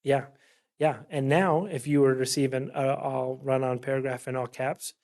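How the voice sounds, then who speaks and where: A man speaks to a city council chamber as a workshop facilitator. His delivery is casual and conversational. He keeps tagging his points with a quick "right?". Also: mid-range voice, steady tone, a little mellow. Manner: chatty, keeps asking "right?". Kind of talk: conversational presentation.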